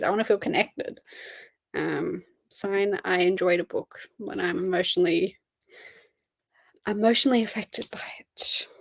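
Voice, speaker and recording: A woman's voice: medium pitch, steady tone, measured pace, pauses often, no room sound. A tired young woman, chatting casually on a livestream and answering chat messages. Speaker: livestream host. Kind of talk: casual live-stream chat.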